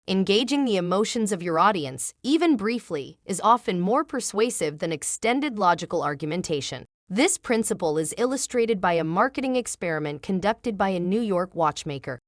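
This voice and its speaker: A woman's voice: lowish voice, no room sound, clean studio sound. A woman narrating a book summary in a polished, scripted reading without fillers.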